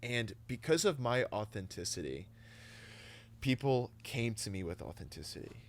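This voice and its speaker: A young man, a Christian influencer guesting on a podcast, telling stories in an animated way and dropping to a whisper for quotes. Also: medium pitch, moderate pace, a little hiss or hum. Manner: animated storyteller, drops to a whisper when quoting. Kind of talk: casual chat.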